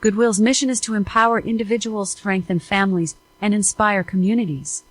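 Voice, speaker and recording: A woman's voice: medium pitch, fairly even intonation, a little fast, no echo, low-quality recording. Woman, synthetic assistant voice, chirpy, scripted quiz host, smart speaker playback.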